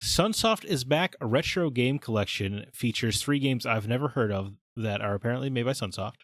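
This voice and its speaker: A man's voice: medium pitch, expressive, normal speed, no room sound, studio quality. A man co-hosting a gaming podcast, teasing and jokey, reading out game releases. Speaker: podcast co-host. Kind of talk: casual podcast chat.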